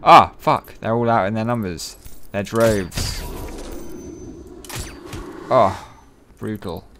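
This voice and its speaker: A man giving profane, excitable, joking let's-play commentary. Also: lowish voice, takes it slowly, a little hiss or hum. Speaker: gaming channel host.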